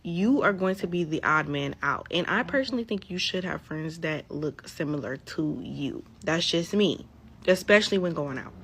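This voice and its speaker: A woman's voice: deep voice, animated, normal speed, a little hiss or hum. A woman giving blunt advice to the camera in a casual, opinionated way. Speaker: commentator.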